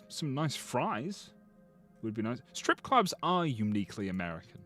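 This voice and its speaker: A man chatting casually on a live stream, joking with his chat as he looks through game screenshots. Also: mid-range voice. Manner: chatty, jokey, lively.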